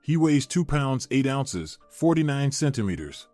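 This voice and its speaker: A gentle older mother soothes her daughter in soft, slow words, read by a male narrator. The sound is dry and close with faint music underneath. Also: medium pitch, sing-song, no echo. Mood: soothing.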